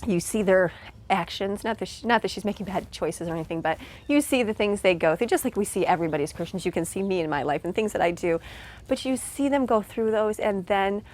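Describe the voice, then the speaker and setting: A woman's voice: mid-range voice, fairly quick, a little mellow. A middle-aged woman talking in a casual vlog, earnest and emotional, rambling with many restarts and heartfelt thanks. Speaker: vlogger and mother.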